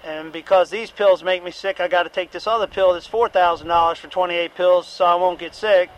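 A man's voice: high-pitched, steady tone, brisk, poor audio. A middle-aged man giving a candid, repetitive personal testimony at a recovery meeting, with occasional profanity.

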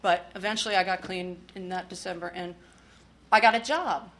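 A woman's voice: fairly low pitch, steady tone, normal speed, fairly bright tone, a little hiss or hum. A woman from the Washington, D.C. area sharing her recovery story in a candid, blunt way with wry humor and swearing. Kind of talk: personal testimony.

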